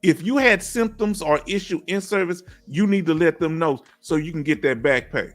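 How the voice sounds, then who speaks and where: High-voiced man hosting a livestream. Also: moderate pace. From Houston, Texas. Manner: folksy, encouraging, reads viewer comments aloud. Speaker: livestream host. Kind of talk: casual livestream chat. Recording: faint music behind.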